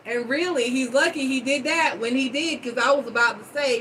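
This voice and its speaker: A woman hosting a live-stream chat, telling stories in a blunt, profane, animated way. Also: sits high, fairly quick, hardly any pauses, a little hiss or hum, rough recording. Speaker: host.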